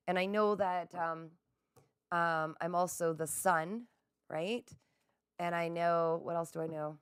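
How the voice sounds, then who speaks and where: A woman's voice: fairly low pitch, takes it slowly, clean tone, dry recording, studio quality. A middle-aged woman hosting a livestream, chatting casually with viewers, reading their comments aloud and laughing often. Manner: excitable, laughs often, talks straight to viewers. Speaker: livestream host.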